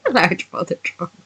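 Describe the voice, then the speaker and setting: Lively, sweary woman streamer. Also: very high voice. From not from America. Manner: profane, sarcastic, chatty with viewers. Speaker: livestreamer. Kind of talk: reading a fan story aloud with live commentary.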